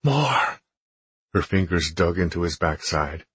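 In this scripted narration, a male audiobook narrator with a husky, very deep voice delivers a romance story at an even, measured pace. The sound is close and dry, free of any room ambience.

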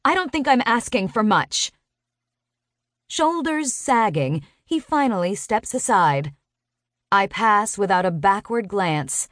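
Audiobook narrator: woman, mid pitch, expressive first-person reading, dry studio. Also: slow, no echo. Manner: expressive, sharp-tongued storytelling.

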